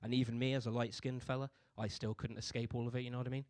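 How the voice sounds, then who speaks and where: A man's voice: medium pitch, level tone, very fast, a little mellow, dry recording, clean studio sound. A young man from doing a stand-up comedy set in a laid-back, conversational way. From Bristol, England. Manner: laid-back, conversational delivery with frequent "you know what I mean".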